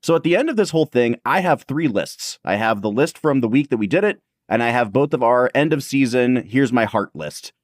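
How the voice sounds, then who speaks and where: A man's voice: medium pitch, lively intonation, a little fast, few pauses, dry recording, studio quality. A man co-hosting a casual podcast, upbeat and explaining things to listeners. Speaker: podcast co-host.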